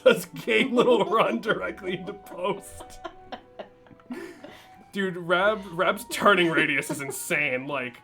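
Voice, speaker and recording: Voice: medium pitch, slow pace, bright, forceful tone. A streamer chatting casually over a game, swearing freely, laughing often and reading the game's text and a recipe aloud. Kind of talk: casual let's-play banter. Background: game music.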